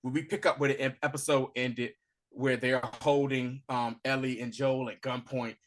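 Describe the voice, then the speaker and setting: A man co-hosting a podcast, giving a casual, animated recap of a TV episode and acting out the characters' lines. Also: medium pitch, normal speed. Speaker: podcast co-host.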